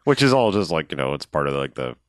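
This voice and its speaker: A man with a very low voice chats about a film in a relaxed podcast. He drops dry one-liners and gets animated when he quotes the characters. The sound is close and dry. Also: quick pace, no room sound. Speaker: podcast co-host. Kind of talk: casual movie recap chat.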